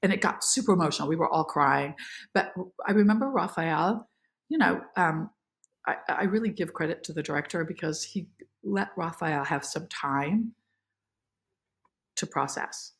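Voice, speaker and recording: An actress as a podcast guest, telling emotional behind-the-scenes stories in a lively, filler-filled way. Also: female voice, fairly low pitch, moderate pace, creaky. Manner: animated, emotional, many fillers. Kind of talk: casual interview storytelling.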